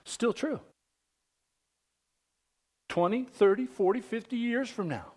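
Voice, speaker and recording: A high-pitched man preaching a sermon in a slow, deliberate cadence. He puts questions to his congregation and swings from ringing declarations down to near-whispers for emphasis. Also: darkish tone. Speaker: pastor.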